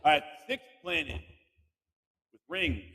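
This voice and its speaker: Slow-speaking and on the high side, a man runs a playful quiz with two kids on his podcast, ribbing them in a lively way and encouraging them. He sounds as though he's in a large hall.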